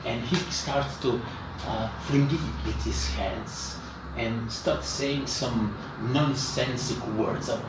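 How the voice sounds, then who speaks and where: A man running a tabletop game, narrating slowly with a lively, rising and falling voice. He sounds far from the mic in a reverberant gaming shop, with a faint background hum. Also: medium pitch. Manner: unhurried, searching for words, animated. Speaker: dungeon master. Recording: echoey room, mic far off.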